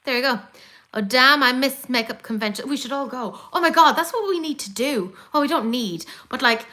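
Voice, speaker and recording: An Irish woman hosting a casual beauty livestream, chatty and excitable, gasping and swearing as she reads comments. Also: high voice, fairly quick. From Ireland. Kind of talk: casual chat reading live comments.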